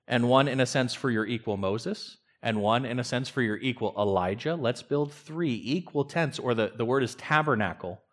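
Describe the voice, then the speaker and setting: Pastor, male, mid-pitched, earnest sermon delivery with emphatic rises and quiet drops. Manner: earnest preaching, emphatic rises and drops, occasional stammered restarts.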